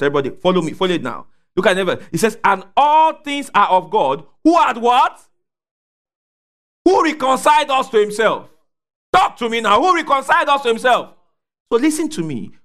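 A man preaching a sermon, calling out questions for the congregation to answer and rising to shouts at the peaks. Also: very high voice. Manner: call-and-response preaching, asks congregation to fill in words.

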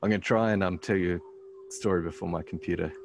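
A man, a pastor telling a story as a guest in a casual conversation, halting often with "um" and restarting his sentences. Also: deep voice, steady tone, gravelly, slight background noise.

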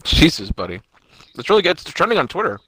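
A man casually recapping a cartoon episode to a friend over a voice call, animated and profane. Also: fairly high pitch, quick pace, breathy edge, no echo. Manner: animated, profane, laughs while retelling.

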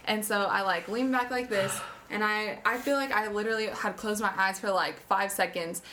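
Young woman, bright crisp tone, rambling casual storyteller. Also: medium pitch, steady tone, normal speed, a little hiss or hum. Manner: chatty, many "like" fillers.

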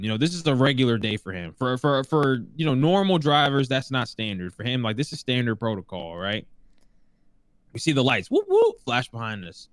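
A man tells a story in a relaxed, casual way. He livens it up by acting out the other people's voices. The sound is dry and close. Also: mid-range voice, no echo. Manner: animated, acts out voices in quotes.

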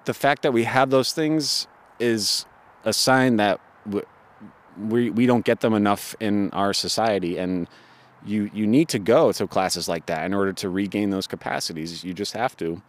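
A man's voice: on the low side, moderate pace. A man co-hosting a podcast, explaining fitness ideas in a thoughtful, casual way with frequent fillers. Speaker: podcast co-host.

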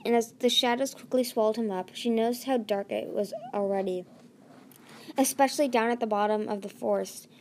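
A woman narrating a novel chapter in an amateur reading, her voice sitting somewhat high. She trips over words and goes back to fix them. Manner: stumbling, self-correcting reading. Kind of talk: audiobook reading.

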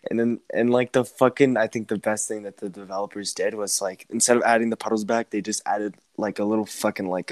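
A young man hosting a podcast, chatting casually and getting excitable, swearing often and shouting when worked up. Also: lowish voice, dry recording. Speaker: podcast host. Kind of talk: casual chat.

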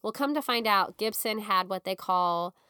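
A young woman casually telling a personal story, animated and full of "like", acting out what people said. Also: mid-range voice, normal speed, smooth, dry recording, clean studio sound. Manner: animated, acts out quotes, frequent "like". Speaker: guest telling her birth story.

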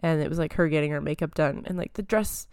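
A woman's voice: low voice, quick pace, darkish tone, clear, resonant tone, no echo, studio quality. A young woman hosting a casual pop-culture podcast, rambling with lots of fillers and giggles, a little phlegm in her throat. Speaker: podcast host.

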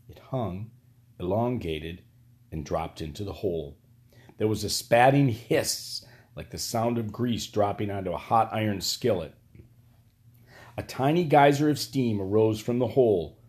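Low-voiced male audiobook narrator. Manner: steady, even storytelling.

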